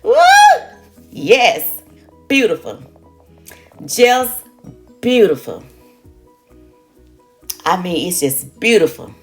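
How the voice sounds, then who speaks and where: A woman's voice: fairly low pitch, very animated, extremely slow, long pauses, faint music behind. An older woman hosting a cooking demonstration, exuberant and folksy, talking straight to her viewers. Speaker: cooking show host.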